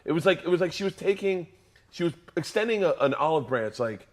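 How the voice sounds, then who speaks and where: A man's voice: a little high, lively intonation, fast talker. A man co-hosting a casual comedy podcast, telling goofy stories and playing along with jokes. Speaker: podcast co-host.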